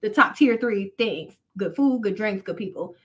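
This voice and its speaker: A woman's voice: mid-range voice, lively intonation, normal speed, a bit bright, lo-fi sound. A woman from the Southern US, a wrestler guest on a podcast, chatting casually with slang and frequent laughter. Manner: playful, slangy, laughs often.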